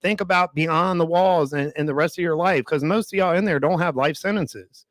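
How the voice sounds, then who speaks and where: A man with a fairly high voice co-hosts a casual podcast. He speaks earnestly and encouragingly, straight to the people listening. The sound is dry and close. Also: normal speed, no echo. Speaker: podcast co-host.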